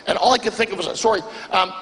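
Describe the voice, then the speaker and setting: A male stand-up comedian telling an animated story on stage, acting out the people in it with exaggerated voices. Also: high-pitched, fast talker. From Greek family background. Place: comedy club stage before a live audience. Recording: live club recording with hall reverb and crowd noise.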